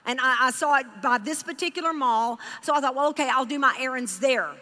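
A woman from Texas telling a story in a sermon, animated and emotional, speaking straight to her audience. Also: high-pitched, brisk, big-room sound. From Houston, Texas. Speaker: Bible teacher.

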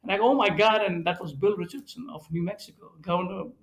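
A man, a hotel managing director, telling lively stories in a podcast conversation and acting out the people he quotes. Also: high voice, fast talker, poor audio. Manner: animated storyteller, acts out quoted voices.

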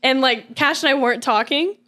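A young woman with a high, bright voice chats casually. She tells stories animatedly, packs her sentences with "like", and jumps in to set the record straight. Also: a little fast. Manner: animated storyteller, heavy use of "like", cuts in to defend herself. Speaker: regular of a couples' channel. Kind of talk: casual chat.

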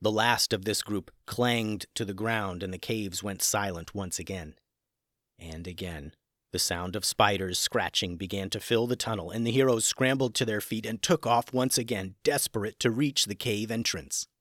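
A man narrating a children's adventure story, shifting expressively between hushed suspense and excitement. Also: lowish voice, normal speed, dry recording, studio quality.

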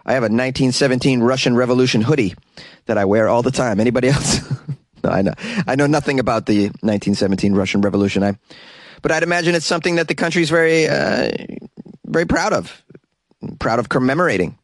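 A man hosts a comedic news podcast, reading odd stories and wandering off into joking, self-mocking tangents. His voice sits in an ordinary middle pitch. The sound is dry and close, recorded in a small closet. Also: fast talker, no room sound. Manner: joking, rambling asides with self-mocking chuckles. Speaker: podcast host.

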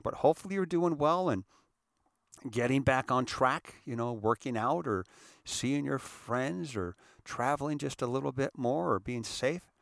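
A man's voice: mid-range voice, lively intonation, unhurried, vocal fry, fairly bright tone, dry recording, studio quality. A middle-aged man hosting a show, talking earnestly and emotionally, often repeating and restarting his words. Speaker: podcast host. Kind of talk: casual heartfelt monologue.

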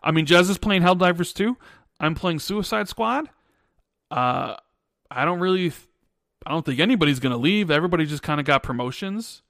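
Rambling high-voiced man on a dry mic. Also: expressive, brisk, vocal fry, fairly bright tone, no echo. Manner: rambling storyteller, restarts often. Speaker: podcast co-host. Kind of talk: casual chat.

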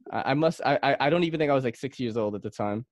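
A man's voice: mid-range voice, racing, dry recording, clean studio sound. A man from the Philippines hosting a casual knife podcast, telling stories in a rambling way with lots of fillers and restarts. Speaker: podcast host.

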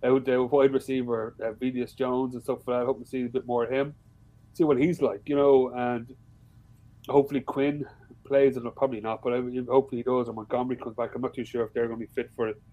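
A man with an Irish accent talking loosely on a podcast, full of swearing and lively asides. His voice sits at an ordinary middle pitch. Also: quick pace, low-quality recording. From Ireland. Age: adult, with a father-in-law. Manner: swears freely, animated storytelling. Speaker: podcast guest. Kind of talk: casual chat.

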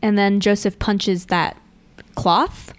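A woman's voice: mid-range voice, steady tone, slow pace, clean tone, no echo. A woman co-hosting a podcast, eagerly jumping in with corrections and laughing often. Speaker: podcast co-host. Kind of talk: casual chat recapping an anime.

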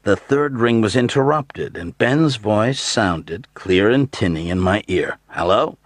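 A man narrating an audiobook in the first person, measured and steady. His voice sits very low with a husky edge, and the close, dry studio mic keeps every word near. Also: no room sound.

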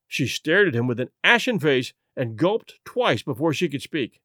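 Expressive male storyteller. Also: a little high, normal speed, few pauses, dry recording, studio quality. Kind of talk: scripted audiobook narration.

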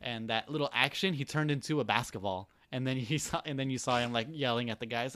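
A man's voice: medium pitch, quick pace, a bit bright, dry recording. A man co-hosting a casual anime review chat, rambling with many fillers and laughing easily. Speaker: podcast co-host.

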